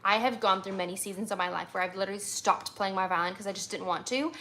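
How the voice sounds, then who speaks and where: A woman's voice: medium pitch, bright, forceful tone, slight background noise. A woman from America, a violinist, answering viewer questions in a casual livestream chat, full of ums and likes.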